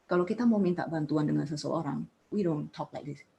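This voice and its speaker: A woman's voice: sits low, fast talker, gravelly, dark tone, dull audio. A woman giving a piano lecture, explaining points and putting questions to her students. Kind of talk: music lecture. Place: music studio.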